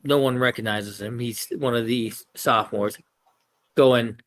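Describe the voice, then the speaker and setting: Man, game master, halting narration, self-correcting, dry close sound. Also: medium pitch, steady tone, a bit bright, no echo.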